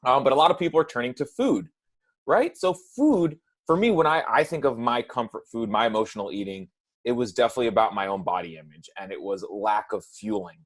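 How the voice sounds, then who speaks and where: A man's voice: mid-range voice, a little fast. A man who works as a nutrition coach, talking casually on a podcast and often adding "right?" and "like". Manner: relaxed, says "right?" and "like" often.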